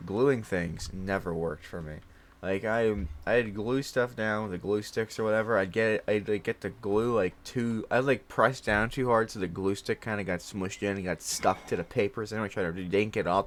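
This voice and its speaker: A young man rambling in a casual monologue, circling back with fillers and restarts and laughing at himself. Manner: rattling off a long string of mock-German names, rising higher and louder. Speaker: host.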